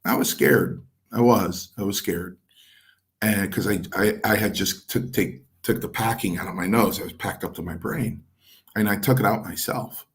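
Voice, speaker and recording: A man's voice: fairly low pitch, normal speed. A middle-aged man, a former pro wrestler, telling stories in an interview and acting out the dialogue. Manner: animated storyteller acting out quoted dialogue. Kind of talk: shoot interview storytelling.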